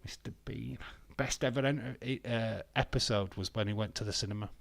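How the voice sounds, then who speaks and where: A man's voice: on the low side, fairly quick, vocal fry, no room sound. A British man from the UK chatting casually over a live wrestling stream, laughing and joking with viewers. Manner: chatty, laughs often, sings and jokes to himself. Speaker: wrestling watch-along streamer.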